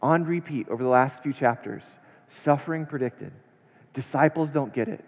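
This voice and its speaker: A man preaching a sermon, reading scripture aloud and then unpacking it with rhetorical questions, his delivery swinging between hushed and emphatic. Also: medium pitch, moderate pace. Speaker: pastor. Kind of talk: expository sermon. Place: church sanctuary. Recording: long church reverb, dull lo-fi sound.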